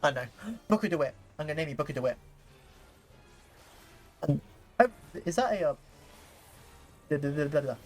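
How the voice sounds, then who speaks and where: A young man casually commenting while playing a game on stream, rambling and excitable, with lots of fillers and restarts. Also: fairly high pitch, moderate pace, pauses often, faint music behind.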